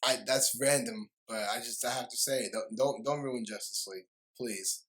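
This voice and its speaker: A young man's movie review turns into a heated, repetitive rant full of stumbles and frequent apologies. He speaks at a moderate pace in a mid-range, somewhat bright voice with fairly even intonation, and the audio is poor.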